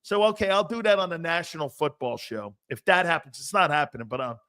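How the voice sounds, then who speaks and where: A man in his fifties talking football as a guest on a casual sports show, brash and joking, jumping between loud bursts and mutters. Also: a little high, expressive, fast. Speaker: guest analyst.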